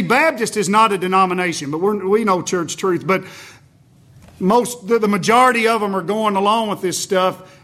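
Male Baptist preacher, high bright voice, fervent sermon delivery. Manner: impassioned preaching, swings between loud emphasis and low intensity.

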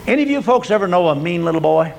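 An older preacher with a high, gravelly voice delivers a folksy sermon. He swings from loud, emphatic peaks down to hushed, low endings. He tells homespun stories from the pulpit. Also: animated, racing, a little hiss or hum, rough recording. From Oklahoma.

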